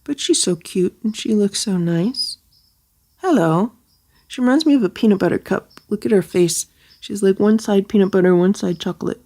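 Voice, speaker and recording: Gravelly-voiced woman cat rescuer vlogging. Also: moderate pace, mellow. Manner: soothing, coaxing, switches to high sing-song baby talk for the kitten. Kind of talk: casual vlog narration and talking to a kitten.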